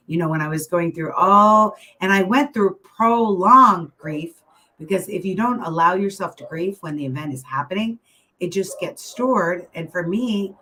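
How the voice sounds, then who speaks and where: A middle-aged woman speaks in a low voice, chatting through a motivational talk. She sounds encouraging and conversational and keeps checking in with her listeners through friendly asides. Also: bright, forceful tone, a little hiss or hum, poor audio. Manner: chatty and encouraging, with many asides and filler phrases. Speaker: keynote mindset speaker. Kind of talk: casual motivational talk to an online audience.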